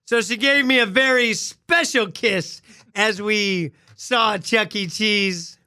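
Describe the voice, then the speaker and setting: A man's voice: high voice, takes it slowly, bright, forceful tone, clear, resonant tone, no echo, clean studio sound. A man co-hosting a podcast in a boisterous, casual chat, laughing often. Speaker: podcast co-host.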